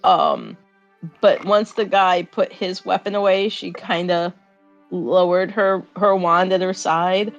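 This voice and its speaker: A woman's voice: lowish voice, level tone, slow, highs cut off, faint music behind. A woman player describing her character's actions casually, with many fillers and hedges. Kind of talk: casual tabletop role-play.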